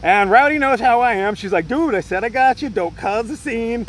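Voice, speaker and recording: A man's voice: extremely high pitch, lively intonation, normal speed, slight background noise, low-quality recording. A man, a solo hiker, telling a rambling story in a profane, agitated way, full of fillers. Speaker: solo trail hiker vlogger. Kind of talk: rambling casual rant.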